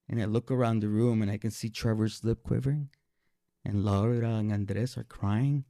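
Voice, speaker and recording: A man telling a personal story live on stage, animated and emotional, often stammering and repeating his words. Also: on the low side, normal speed, dry recording, studio quality.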